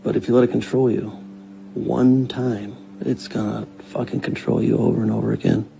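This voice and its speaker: A man's voice: medium pitch, little pitch movement, normal speed, creaky, a little hiss or hum, rough recording. An actor playing a brash, reckless, foul-mouthed man in film dialogue. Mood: earnest. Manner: swearing, loud and mocking.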